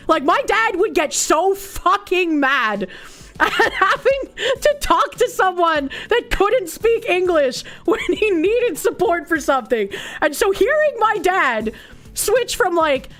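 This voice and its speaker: High-pitched, sarcastic young woman streamer. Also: very animated, unhurried, a bit bright, faint music behind. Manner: blunt, sarcastic, heavy swearing. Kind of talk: casual chat reacting to chat messages.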